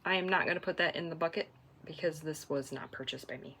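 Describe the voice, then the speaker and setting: Chatty low-voiced woman knitting vlogger. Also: fast talker, slightly rough. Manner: chatty and self-deprecating, trailing off into soft asides. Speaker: knitting podcast host. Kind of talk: casual stash-tracking chat.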